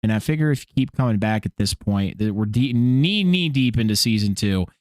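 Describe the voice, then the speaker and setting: A man co-hosting a casual hockey podcast, goofy and animated, swearing and restarting sentences. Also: fairly low pitch, fairly quick, no room sound, clean studio sound. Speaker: podcast co-host.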